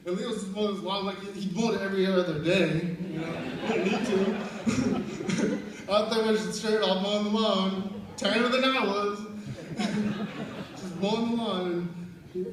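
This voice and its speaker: A man's voice: high-pitched, fairly even intonation, normal speed. A young man telling stories at a memorial service, laughing often and acting out what people said. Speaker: eulogy speaker at a memorial service. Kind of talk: storytelling remembrance. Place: large room at a memorial service. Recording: very echoey hall, far from the mic, background noise.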